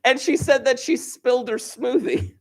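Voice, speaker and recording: A man's voice: extremely high pitch, expressive, moderate pace. Guy teacher livestreaming algebra from his classroom, playful teasing, voice bounces up and down a lot. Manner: playful, teasing, chuckles often. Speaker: high school algebra teacher. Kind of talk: livestreamed class, joking banter.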